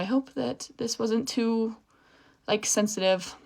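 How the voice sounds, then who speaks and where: A woman's voice: on the high side, normal speed, a little hiss or hum. A young woman ranting angrily to camera, swearing often and breaking off mid-sentence. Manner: angry, swearing often, emphatic; restarts and trails off while upset. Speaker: social media creator. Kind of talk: heated rant to camera.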